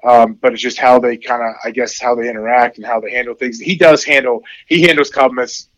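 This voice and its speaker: A man in his forties chatting casually as an interview guest, rambling with many fillers and getting animated when he quotes his kids. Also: medium pitch, a little fast, dry recording, rough recording. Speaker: podcast guest, former football player.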